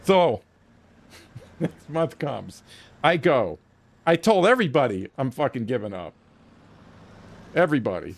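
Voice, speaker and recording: A man's voice: mid-range voice, measured pace, creaky, pauses often. A man streaming a game, telling a long story casually with lots of swearing and acting out his own lines. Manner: profane, animated storytelling with frequent restarts. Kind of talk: casual storytelling while gaming.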